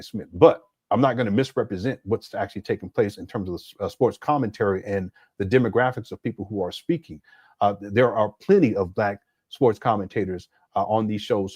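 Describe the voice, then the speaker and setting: A man's voice: fairly low pitch, darkish tone, husky, no echo, studio quality. A man in his fifties giving blunt, exclamatory reaction commentary as host, laughing at the clips. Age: 50s.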